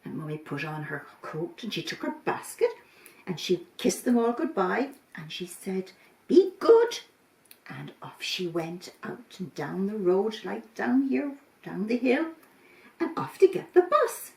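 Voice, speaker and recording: Woman telling a kids' story, slow and animated, echoey room, off-mic. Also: medium pitch, vocal fry. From Ireland. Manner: expressive, slow, sing-song, dramatic pauses. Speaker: storyteller, volunteer. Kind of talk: children's story reading. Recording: roomy, from a distance.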